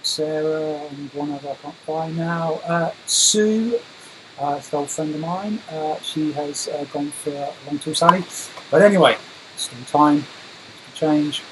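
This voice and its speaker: A man's voice: fairly high pitch, steady tone, a little slow, background noise. A British man hosting a casual online show, chatty and full of fillers. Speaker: host. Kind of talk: casual chat.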